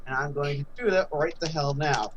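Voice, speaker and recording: A man's voice: on the high side, brisk, dull audio, noisy background. A man playing a tabletop game, exasperated and bossy as he takes charge. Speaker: player.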